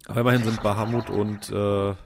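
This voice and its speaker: Low-voiced man commenting on a game. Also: little pitch movement, brisk, creaky, background noise. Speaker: let's play commentator.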